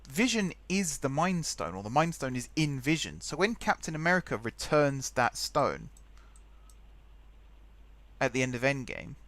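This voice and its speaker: Man, young adult, let's play host, rambling casual commentary, medium pitch. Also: very animated, a little slow, fairly bright tone, no room sound. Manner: rambling, chatty, thinks aloud while typing.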